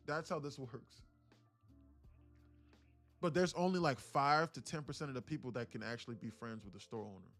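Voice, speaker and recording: A man's voice: normal speed, long pauses, faint music behind. A man hosting a day-trading livestream, talking casually with slang and acting out little scenes, then dropping to a mutter over the chart. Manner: animated, acts out little scenes with voices, slangy; drops to a low mutter when reading the chart.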